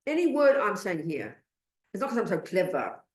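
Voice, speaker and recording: A woman with an Australian accent giving a Buddhist dharma talk in an animated, blunt and emphatic way. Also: mid-range voice, normal speed, echoey room. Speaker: Buddhist teacher.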